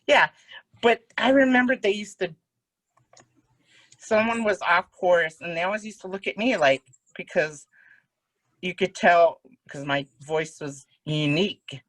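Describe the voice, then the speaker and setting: Woman with a deeper alto voice. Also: unhurried, long pauses, fairly bright tone, poor audio. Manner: storytelling, acts out other people's voices. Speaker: podcast co-host. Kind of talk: casual chat.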